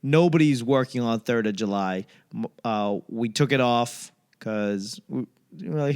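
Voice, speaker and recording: A man's voice: medium pitch, a little slow, darkish tone, clean tone. A man from the United States, a comedian and podcast host, rambling through a solo monologue full of profane, ranting tangents and comic asides.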